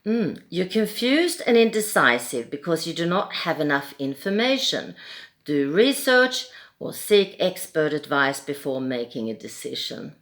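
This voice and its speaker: A woman with a Swedish accent gives a casual tarot reading in a soft-spoken, gentle way, chuckling between remarks. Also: low voice, very animated, a little slow. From Sweden. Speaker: tarot reader.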